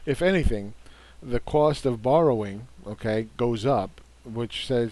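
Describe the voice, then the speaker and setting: A man's voice: medium pitch, unhurried, hardly any pauses, darkish tone. A man giving a combative, casual market commentary, dismissing opposing views and repeating words for emphasis. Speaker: investing commentator.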